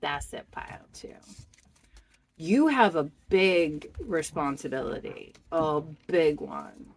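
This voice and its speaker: A woman doing a pick-a-card tarot reading, speaking to the viewer in a slow, heartfelt and expressive way. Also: medium pitch. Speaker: tarot reader.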